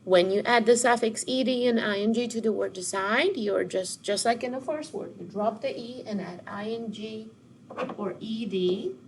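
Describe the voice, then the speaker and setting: A woman teacher giving a recorded phonics lesson, modeling words slowly with call-and-response prompts. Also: a little high, slight background noise, poor audio.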